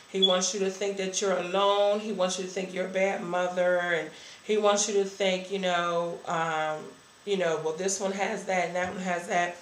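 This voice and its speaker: A woman's voice: mid-range voice, roomy sound, a little hiss or hum, low-quality recording. A woman giving a candid, earnest personal testimony about her church life. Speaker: church member sharing a testimony.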